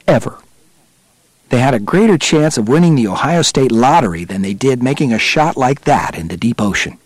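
A man reads a nonfiction audiobook in a steady, measured way. His pitch sits in the middle range for a man. The recording is close and dry, with no room sound. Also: no echo. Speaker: narrator. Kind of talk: audiobook narration.

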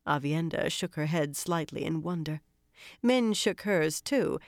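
An audiobook narrator reading a fantasy novel in a measured, even storytelling manner. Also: mid-range voice, no echo, studio quality.

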